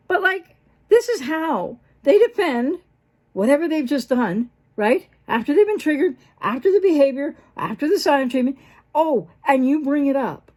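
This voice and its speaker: A woman with a high, bright-pitched voice talks unscripted as a mental health professional hosting her own channel. She rambles with fillers and restarts, and she acts out both sides of an argument with sudden leaps in pitch. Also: moderate pace. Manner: animated, acts out quoted dialogue with big pitch jumps; rambling, with fillers and self-interruptions. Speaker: host of a breakup recovery channel. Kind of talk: unscripted talking-head explainer.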